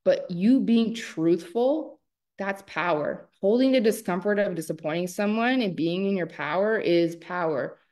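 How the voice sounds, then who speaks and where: A woman coach giving a live online masterclass, animated and emphatic and laughing often. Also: medium pitch, measured pace.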